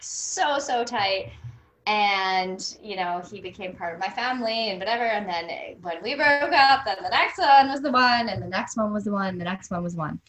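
A woman's voice: mid-range voice, a bit bright. A Canadian woman in her thirties chats through personal stories as an interview guest. She talks animatedly, slips into voices when she quotes people, and laughs often. Her mid-range voice carries a roomy echo. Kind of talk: casual storytelling.

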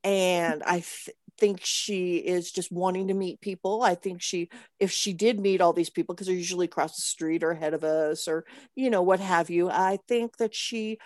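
A woman's voice: lowish voice, fairly even intonation, moderate pace, few pauses, a little mellow, dry recording, clean studio sound. A woman caller telling a trainer about her dog, rambling and laughing often. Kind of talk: casual chat.

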